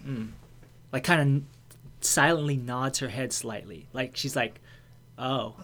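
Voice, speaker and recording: A man's voice: mid-range voice, measured pace, a bit bright. An American man telling a personal story in casual conversation. He talks candidly, swears freely and fills his speech with restarts and fillers.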